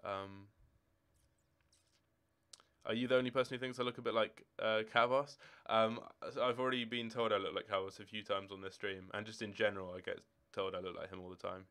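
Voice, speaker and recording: A man's voice: lowish voice, fairly even intonation, brisk, bright, forceful tone, smooth. An eighteen-year-old man from Scotland, chatting casually on a game live stream in a rambling way, answering viewers' questions from his room at home. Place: home room with football shirts and drawers.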